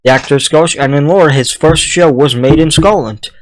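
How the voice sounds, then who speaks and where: A man's voice: fairly high pitch, a little fast. A young man co-hosting, chatting casually and rambling through his opinions. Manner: rambling, offhand. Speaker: co-host. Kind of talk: casual chat.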